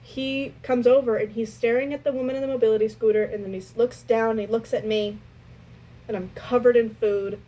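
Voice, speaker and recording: Young adult woman with a slightly high voice, telling a work story in an exasperated tone. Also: a little fast, rough recording. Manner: animated, exasperated retelling. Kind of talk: casual storytime.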